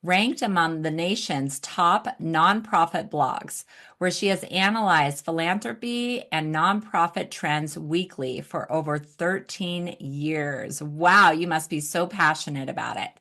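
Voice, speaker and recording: A woman's voice: fairly low pitch, fairly bright tone. Enthusiastic woman podcast host. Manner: enthusiastic, laughs and reacts often. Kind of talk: interview host reading an introduction.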